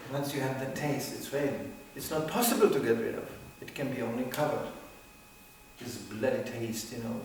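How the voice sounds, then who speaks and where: An older man giving an informal religious lecture in a theatrical, animated way. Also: medium pitch, a little hiss or hum. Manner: animated, theatrical, acts out voices. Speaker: spiritual teacher. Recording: echoey room, mic at a distance.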